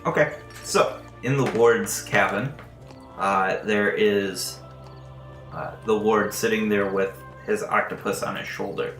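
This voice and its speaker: Slow-talking man running a game. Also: lowish voice, fairly even intonation, fairly bright tone. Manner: slow, loose, full of fillers. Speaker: game master. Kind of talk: narrating a tabletop game. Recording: roomy echo, faint music.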